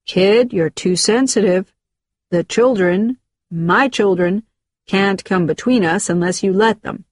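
A woman voicing a gruff, impatient father who answers in blunt, dismissive lines. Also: medium pitch, takes it slowly, no room sound, studio quality. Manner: curt, dismissive.

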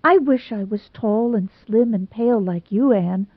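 A woman's voice: medium pitch, a little slow, no echo, pitched above the performer's own voice, close to an everyday voice. A woman voicing a timid, plump young bride who talks in breathless, pleading bursts and stammers. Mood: tearful. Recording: dry tinny phone-like sound.

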